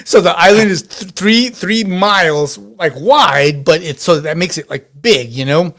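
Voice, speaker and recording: A man's voice: high-pitched, animated, a little slow, a bit bright. A man narrating a tabletop role-playing game as game master, talking in a rambling way with many restarts and fillers.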